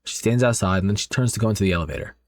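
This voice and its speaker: A man with a fairly low voice narrating a horror comic recap. He talks chattily and straight to his viewers, with plenty of fillers. The sound is close and dry. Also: racing, no echo.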